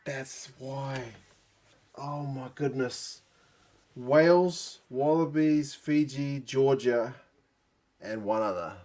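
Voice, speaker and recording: A man's voice: mid-range voice, slow pace, pauses often, darkish tone. A man giving live reaction commentary, thinking aloud with gasps and exclamations, tired late at night. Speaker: rugby channel host.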